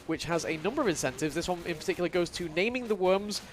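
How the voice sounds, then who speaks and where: Give me a man hosting a charity speedrun marathon, reading donations with a lively, high voice. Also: quick pace, a little hiss or hum. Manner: light, jokey reading of donation messages. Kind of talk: live marathon commentary.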